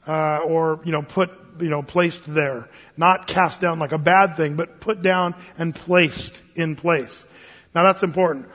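A man's voice: fairly high pitch, a little slow, fairly bright tone. A man preaching a casual verse-by-verse Bible sermon, joking and digressing as he teaches. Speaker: pastor. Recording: dull sound with long reverb.

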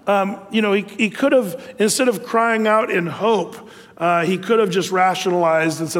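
A middle-aged pastor preaches in a relaxed, chatty way, dotting his sermon with ums and side remarks. His voice sits high for a man. The sound carries the long reverb of a large hall. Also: normal speed. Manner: conversational, filler-heavy preaching with asides.

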